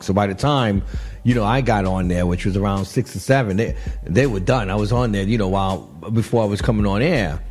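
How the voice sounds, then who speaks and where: A male radio host talks through viral clips in a loose, chatty manner, laughing often and circling back on his words. His pitch swings widely as he reacts. Soft music plays low behind him. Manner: animated, laughing, repeats himself. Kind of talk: casual commentary on clips.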